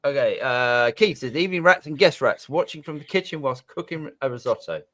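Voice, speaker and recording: Male co-host, lively up-and-down delivery, reads chat aloud, casual. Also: a little high, a little fast, over a noisy crowd. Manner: chatty, reads out viewer comments. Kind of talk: casual live podcast chat.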